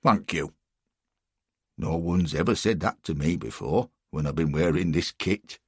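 A man's voice: deep voice, unhurried, darkish tone, slightly rough, no echo, studio quality, exaggerated voice. A man voicing a mournful, self-pitying football referee. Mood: glum.

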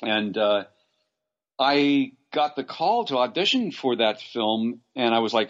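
A man's voice: medium pitch, measured pace. Rambling man telling showbiz stories, lo-fi. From Los Angeles. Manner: rambling, frequent restarts and animated asides. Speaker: actor guest. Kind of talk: casual interview anecdotes.

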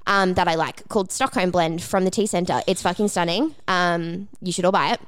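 A woman co-hosting a podcast, telling a story in casual chat, animated and acting out the lines she quotes, with some swearing. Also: fairly low pitch, moderate pace. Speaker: podcast co-host.

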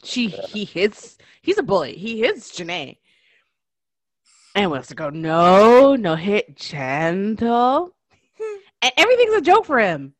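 A woman co-hosting a podcast in casual chat, telling animated stories about her kids and acting them out. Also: medium pitch, normal speed, breathy edge, no room sound. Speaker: podcast co-host.

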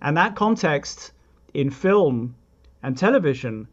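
A man speaking as a composer guest, working through ideas in a reflective way with asides and restarts. His voice sits a little high for a man. The sound is dull and lo-fi. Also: big pitch swings, slow pace. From England. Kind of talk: explanatory interview talk.

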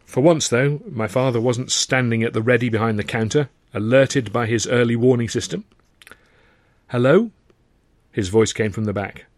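Homme qui lit son roman d'un ton pince-sans-rire. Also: male voice, medium pitch, steady tone, brisk, hardly any pauses, dry recording. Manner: dry, wry storytelling with acted dialogue. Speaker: author reading his novel. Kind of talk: audiobook narration.

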